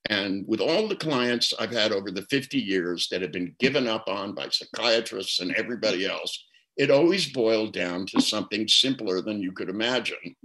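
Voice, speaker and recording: A man's voice: lowish voice, lively intonation, moderate pace, pushed and bright, low-quality recording. An older man speaking as a guest therapist, telling reflective stories in an interview and often repeating words as he starts a thought. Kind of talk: storytelling interview answer.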